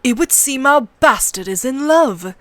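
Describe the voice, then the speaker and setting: A woman voicing a cruel, mocking middle-aged male master-at-arms with a sharp, cold voice, in a book reading. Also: high voice, lively intonation, unhurried, no echo, pitched above the performer's own voice. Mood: sneering.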